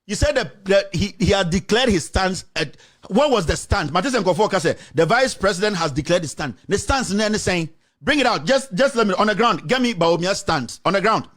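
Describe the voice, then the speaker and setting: Fiery high-voiced Ghanaian radio host. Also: male voice, animated, fairly quick, a bit bright. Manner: fiery, mixes English with Twi. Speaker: radio talk show host. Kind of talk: heated political talk radio.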